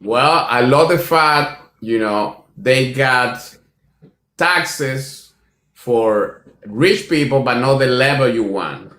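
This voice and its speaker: A man's voice: medium pitch, slow, fairly bright tone, echoey room. A man calling in to a live debate, enthusiastic and speaking broken English. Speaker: caller. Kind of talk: casual call-in debate.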